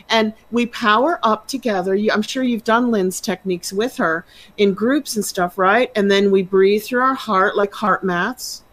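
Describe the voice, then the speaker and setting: A woman's voice: mid-range voice, measured pace, fairly bright tone. Gushing woman co-host. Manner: enthusiastic, gushing. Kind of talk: casual chat.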